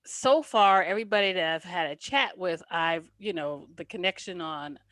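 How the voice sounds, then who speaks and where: A woman's voice: lowish voice, normal speed, no room sound. A middle-aged woman from New Jersey hosting a casual chat, telling stories and laughing often. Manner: laughs often, animated storytelling. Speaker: podcast host.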